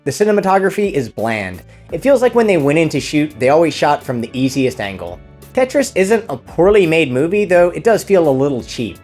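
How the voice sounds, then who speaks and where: A man's voice: on the high side, sing-song, a little fast, darkish tone, faint music behind. A man narrating a scripted comedic film review with a dry, sarcastic delivery.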